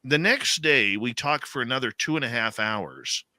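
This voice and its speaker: A man's voice: mid-range voice, animated, normal speed, bright, forceful tone, dry recording. A man with a Canadian accent, hosting a live radio talk show in a rambling, conversational way, full of fillers and restarts. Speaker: radio host.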